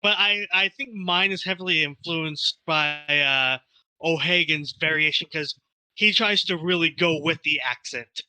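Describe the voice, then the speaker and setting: A man's voice: on the high side, measured pace, bright, forceful tone, clear, resonant tone, poor audio. A man co-hosting a podcast, telling rambling stories in casual chat with fillers and cursing. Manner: rambling, storytelling with fillers and profanity. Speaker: podcast co-host.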